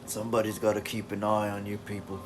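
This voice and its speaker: A man's voice: on the low side, monotone, fast, over music, close to an everyday voice. A man voicing a bigoted, sneering male soldier with a mock English accent that slips toward Australian. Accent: mock English slipping toward Australian.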